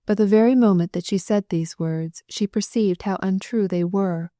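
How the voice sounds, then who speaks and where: A woman reads a classic novel as an audiobook, narrating in a measured, even storytelling style. She's close to the mic, her voice medium in pitch, with no room sound.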